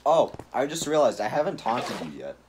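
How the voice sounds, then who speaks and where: A man's voice: mid-range voice, very animated, fairly quick, slight background noise. A man chatting casually while playing a video game, ranting in an exasperated way about its rules. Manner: ranty and exasperated. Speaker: gaming YouTuber. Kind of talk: casual gaming chat.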